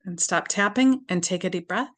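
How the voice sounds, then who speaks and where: Woman guiding a slow tapping session. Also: fairly low pitch. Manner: slow, gentle instruction with repeated phrases. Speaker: EFT tapping guide.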